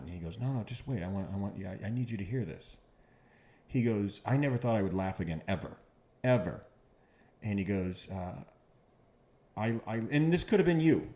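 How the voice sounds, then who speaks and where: A comedian with a lowish voice swaps stories in a relaxed podcast chat as a guest. His delivery is halting, with repeated words, though he becomes animated when imitating what others said.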